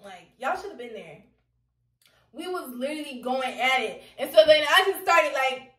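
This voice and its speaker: Young woman rambling a storytime, animated, lots of slang, roomy echo. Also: high-pitched, moderate pace, recorded from a distance. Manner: animated, slangy, laughing often. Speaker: vlogger. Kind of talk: casual storytime.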